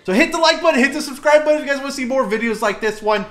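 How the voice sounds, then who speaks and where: A young man hosting a gameplay video, goofy and hyper, with sudden loud bursts and fast asides. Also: extremely high pitch. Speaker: gaming video host. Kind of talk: gameplay commentary.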